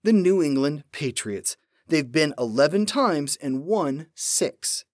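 A man's voice: a little high, slow pace, dry recording. A man hosting a trivia podcast, reading questions in a playful manner. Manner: animated, playful. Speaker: podcast host, trivia quizmaster.

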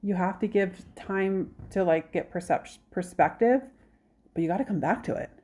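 A woman hosting a podcast in casual chat, animated, acting out quoted dialogue. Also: medium pitch, normal speed. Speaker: podcast host.

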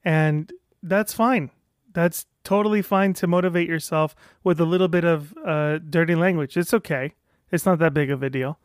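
Frank, rambling male vlogger; plain voice a touch high, close and dry. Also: no echo. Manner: rambling, restarts often, frank with mild profanity. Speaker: vlogger sharing his own experience. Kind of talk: casual talk to camera.

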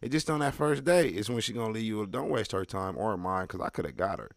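Loud animated man doing stand-up. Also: lowish voice, fast, vocal fry, no echo, clean studio sound. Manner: loud, animated, slangy street talk with crowd asides. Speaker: stand-up comedian. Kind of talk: stand-up comedy set.

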